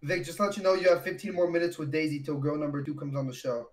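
A man hosting a streamed dating show, making quick, teasing announcements in casual talk. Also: on the high side, steady tone, darkish tone. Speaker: show host. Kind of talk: casual chat. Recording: faint background noise.

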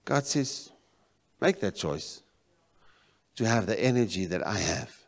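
South African pastor preaching in a reverberant hall. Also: male voice, fairly low pitch, lively intonation, takes it slowly, creaky. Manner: preaching with swings between loud exclamations and quiet emphasis. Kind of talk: sermon. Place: church sanctuary.

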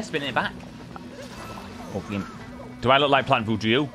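A man's voice: mid-range voice, brisk, over music. A man, teasing and swearing freely in casual gaming chat. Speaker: streamer.

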